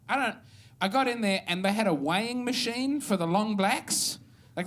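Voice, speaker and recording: A man's voice: high voice, a bit bright. Wry Australian man doing stand-up. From Adelaide, Australia. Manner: wry, self-deprecating, building to mock outrage. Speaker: stand-up comedian. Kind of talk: stand-up comedy set. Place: live comedy club stage.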